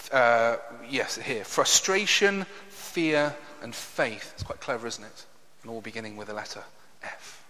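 A man's voice: mid-range voice, a little slow, pushed and bright. A man preaching a sermon, earnest and emphatic, often asking the listeners rhetorical questions. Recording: long reverb of a hall.

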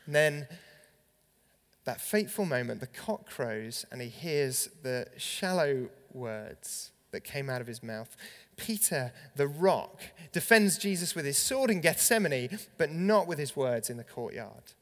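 A man's voice: mid-range voice, very animated, unhurried. Preacher man in a reverberant space. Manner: dramatic scripture reading with rising and falling emphasis. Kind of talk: sermon. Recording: long reverb.

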